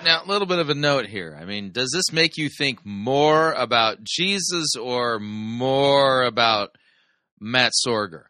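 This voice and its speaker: A man's voice: mid-range voice, expressive, measured pace, bright, forceful tone, dry recording, clean studio sound. A man hosting a review show, commenting on sermon clips in a sarcastic, mocking way. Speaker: podcast host reviewing a sermon.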